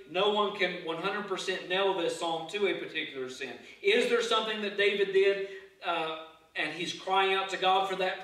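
A man preaching a sermon from the pulpit in an earnest, halting way, often doubling back on his words. His voice sits a little high and sounds bright and forceful. The recording catches him from a distance in a very echoey church hall. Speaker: pastor. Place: church sanctuary.

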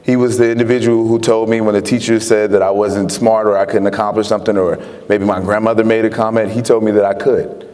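A man's voice: fairly low pitch, little pitch movement, quick pace, dark tone. A man from Chicago telling his story earnestly as a guest author in an onstage interview. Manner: earnest storytelling, laughs often. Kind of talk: onstage interview before an audience. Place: lecture hall with an audience. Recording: long reverb of a hall.

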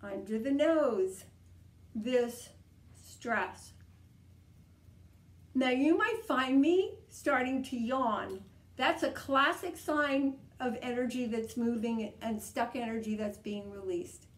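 A woman leading a guided tapping session, coaching calmly and repeating each step. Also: high-pitched, measured pace. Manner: calm, repetitive, coaching tone. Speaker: EFT tapping practitioner. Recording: echoey room.

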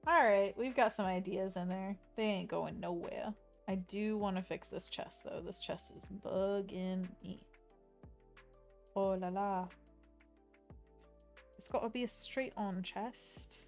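Woman art streamer, playful running chat at an unhurried pace, middle pitch, soft music underneath. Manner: playful, chatty, reads chat messages aloud. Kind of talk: casual chat while drawing on stream.

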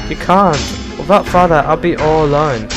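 Young girl, pleading and high-pitched, put on by a man, with violin music behind. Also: moderate pace, natural voice. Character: pleading young girl, clinging to her parents.

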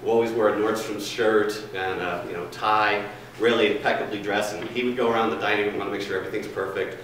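A man's voice: fairly low pitch, fairly even intonation, fast talker, a bit bright. A man telling a folksy, rambling workplace story, then running a staff training session in a large meeting room. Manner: rambling, folksy, chatty with fillers. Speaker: food and beverage trainer. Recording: distant, very echoey room with faint noise.

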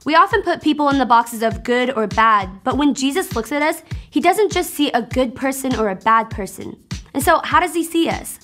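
A woman hosting a kids' church lesson, presenting in a friendly, clear way. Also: high-pitched, expressive, fairly quick, fairly bright tone, soft background music.

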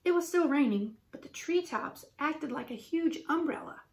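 A woman with a fairly high voice reads a children's chapter book aloud for students. Her storytelling is clear and expressive, paced for young listeners to follow along. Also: moderate pace.

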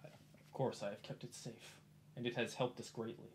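A man's voice: mid-range voice, flat delivery, moderate pace, a little mellow, slight background noise, lightly acted. A man doing a solemn, lofty male cleric. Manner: formal, archaic, solemn.

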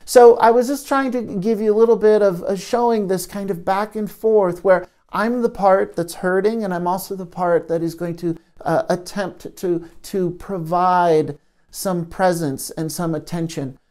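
Male therapist, mellow tone, reflective teaching talk, gentle pauses. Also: high voice, steady tone. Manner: gentle, thoughtful, with frequent pauses and restarts.

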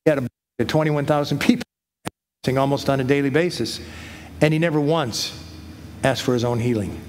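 A man's voice: medium pitch, moderate pace, a little mellow. A middle-aged man preaching a sermon as pastor, earnest, reading scripture aloud with rising emphasis. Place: church hall.

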